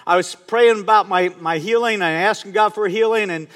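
A man in his fifties with a high voice preaches in a conversational, storytelling way. He often turns to the congregation with questions. His voice carries a long reverb from a large hall. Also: a little fast, a bit bright. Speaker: pastor. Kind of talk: sermon.

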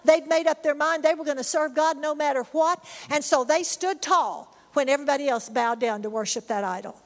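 A middle-aged woman preaching a sermon, emphatic and repetitive, sometimes crying out high. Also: a little fast. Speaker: pastor. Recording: long hall reverb.

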